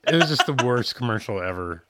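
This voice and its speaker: A man's voice: lowish voice, big pitch swings, fast, crowd noise. A man co-hosting a casual chat podcast, joking and teasing with frequent laughter. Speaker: podcast co-host.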